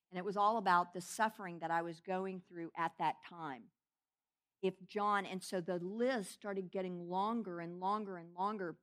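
A woman's voice: on the low side, normal speed, a bit bright. A middle-aged woman preaching a sermon, giving an emotional testimony that swells into fervent preaching.

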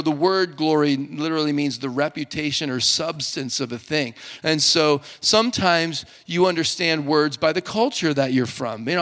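A male pastor preaching a sermon to his congregation in a relaxed, joking, conversational way. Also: a little high. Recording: long hall reverb.

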